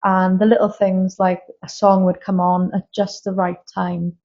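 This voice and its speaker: Her delivery is flat and a little slow, in a darkish mid-range voice. This woman in her thirties, a guest medium, shares candid and emotional personal stories in a casual interview filmed live in a castle room, on a slightly dull lo-fi recording.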